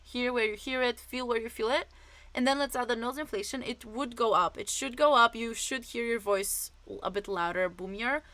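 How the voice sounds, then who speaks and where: A woman voice teacher walks through vocal exercises, chatty and hands-on, dropping in fillers as she demonstrates. Her voice sits a little high and rings bright and sharp. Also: normal speed, dry recording. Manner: casual, demonstrative explanations with many fillers.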